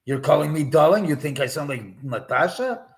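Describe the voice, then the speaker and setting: A man's voice: a little high, animated, moderate pace, vocal fry. A man doing an impression of a scheming male cartoon spy villain with a mock accent.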